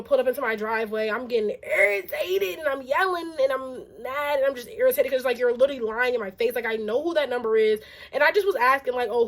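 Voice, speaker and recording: A young woman with a high voice, recounting a story to her channel in a casual storytime. She talks in an animated, exasperated way, leaning on "like" and "you know what I'm saying.". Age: young adult. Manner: animated and exasperated, heavy use of "like". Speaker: vlogger.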